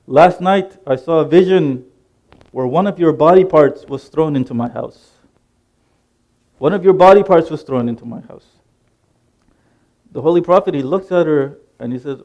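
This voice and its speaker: A man's voice: on the high side, darkish tone. A man giving a religious sermon, retelling a story with quoted dialogue and repeating key lines for emphasis. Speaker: speaker at a Muharram majlis.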